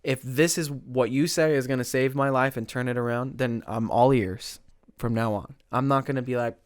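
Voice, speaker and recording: A young man telling his recovery story as a podcast guest, earnest and halting, with many restarts. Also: mid-range voice, dry recording, clean studio sound.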